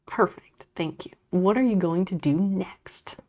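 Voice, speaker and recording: A woman's voice: lowish voice, measured pace, warm tone, highs cut off. A woman streamer chatting casually with her viewers while she crochets, muttering and swearing under her breath as she works. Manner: chats back to viewers' messages.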